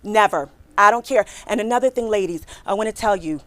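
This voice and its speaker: A middle-aged woman giving a lively workshop talk on careers to a live audience in a hall, emphatic and repeating her points, often checking in with "right?" and "okay?". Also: mid-range voice, fairly quick. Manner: acts out quotes with a bright smile in her voice.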